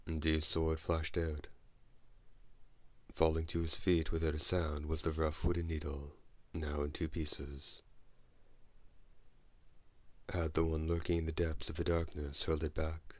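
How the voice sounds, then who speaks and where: A man reading an audiobook as narrator, in a measured, steady way. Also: rumbling low, dry recording. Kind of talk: scripted narration.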